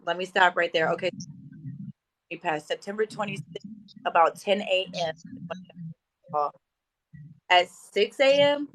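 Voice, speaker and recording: A woman's voice: medium pitch, dry recording, rough recording. A young woman guest telling a personal story in an emotional, conversational way.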